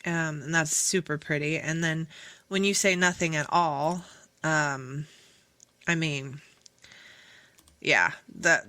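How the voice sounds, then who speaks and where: A woman's voice: low-pitched, slow, long pauses, no room sound. A woman hosting a casual solo podcast, rambling and chatty with many fillers and self-corrections. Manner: sings song lyrics softly. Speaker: podcast host.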